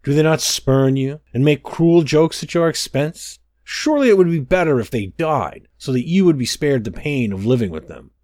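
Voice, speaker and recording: A man's voice: a little high, animated, normal speed, hardly any pauses, darkish tone, no room sound, studio quality, natural voice. A man voicing the stars speaking as one solemn heavenly voice in a storybook reading.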